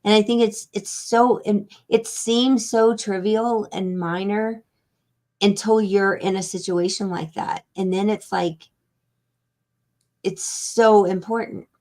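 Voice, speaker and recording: A woman's voice: medium pitch, steady tone, takes it slowly, darkish tone. A woman hosting an interview, a foundation founder, speaking earnestly and reflectively about her mission over a video call.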